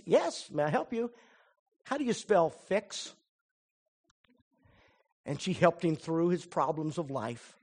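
A man preaching a sermon, telling a story in a lively way and turning soft and earnest when he draws the lesson. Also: on the high side. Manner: animated storyteller who acts out quoted voices; drops to a soft, earnest tone for the application. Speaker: pastor.

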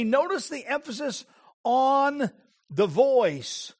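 A male preacher giving an impassioned sermon, with emphatic phrasing and dramatic pauses. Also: extremely high pitch, sing-song.

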